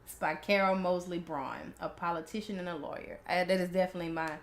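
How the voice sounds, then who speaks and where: A woman's voice: on the low side, fast talker, gravelly. A young woman co-hosting a casual chat podcast, ranting emphatically and laughing freely. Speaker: podcast co-host. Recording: roomy echo.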